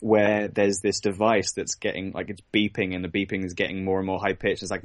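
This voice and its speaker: A man with a lowish voice co-hosts a casual podcast chat. He talks in an animated way and acts out the scenes he retells. His voice sounds dry and close to the mic. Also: a little fast, few pauses, no echo. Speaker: podcast co-host.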